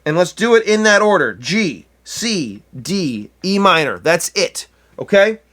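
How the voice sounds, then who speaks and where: A man's voice: high-pitched, very animated, a little slow, a bit bright. A man giving a casual guitar lesson, chatty and self-correcting, counting beats aloud as he plays. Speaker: guitar teacher.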